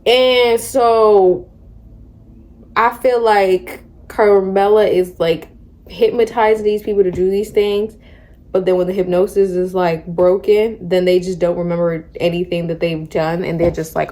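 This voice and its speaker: Young woman, book vlogger, warm mellow tone, slangy lively recap. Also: lowish voice, moderate pace. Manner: chatty, slangy, animated retelling. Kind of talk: casual book discussion.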